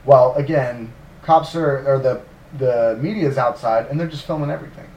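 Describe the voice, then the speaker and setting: A man casually retelling history as a podcast co-host, animated and sarcastic, with plenty of fillers and the odd swear word. His voice sounds roomy, and the mic sits some distance away. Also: mid-range voice, normal speed, muffled recording. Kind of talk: casual storytelling.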